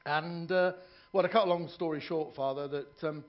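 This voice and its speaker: Stand-up comedian on a ship's stage. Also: male voice, on the high side, steady tone, normal speed, highs cut off. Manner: joke-telling with voiced characters and asides to the audience. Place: ship's theatre lounge.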